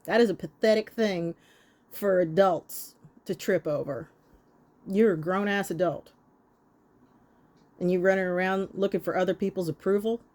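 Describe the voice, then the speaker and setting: A woman's voice: medium pitch, steady tone, moderate pace, long pauses, a little mellow. Blunt, profane woman reading tarot. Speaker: tarot reader.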